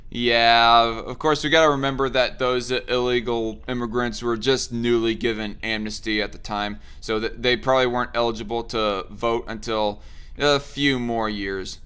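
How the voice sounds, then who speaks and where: A man's voice: mid-range voice, fairly even intonation, normal speed, fairly bright tone, smooth. A man hosting a casual political chat, thinking aloud with many fillers and restarts. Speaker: host.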